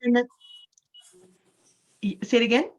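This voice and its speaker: A woman's voice: on the high side, fairly even intonation, measured pace, highs cut off. A woman from Canada, a native English speaker, teaching an online English class and explaining things patiently, often checking in with "right?".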